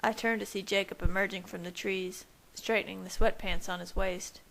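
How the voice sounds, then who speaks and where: A woman reading fanfiction aloud as first-person narration in a steady, even manner. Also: medium pitch, normal speed, vocal fry, rough recording. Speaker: fanfiction reader. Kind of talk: audiobook-style narration.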